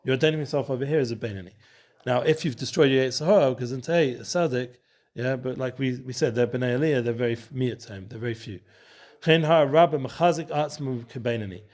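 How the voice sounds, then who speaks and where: Fast-talking man teaching Torah study. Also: medium pitch. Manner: fast, loose and animated, with many restarts; mixes Hebrew and Yiddish terms into the talk. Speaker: Torah teacher and show host. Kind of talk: casual study session.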